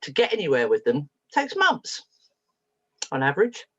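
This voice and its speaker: A woman therapist telling a story to an audience in a lively, humorous, self-mocking way. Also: deep voice, normal speed, slightly rough. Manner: lively and humorous, with frequent laughs and self-mockery. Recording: dull lo-fi recording.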